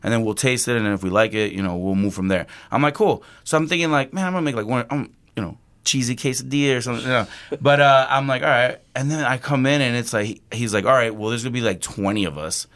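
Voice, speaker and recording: A man, a chef, telling a story casually on a podcast, animated and swearing, acting out quotes with laughs. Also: mid-range voice, fast talker. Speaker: chef guest.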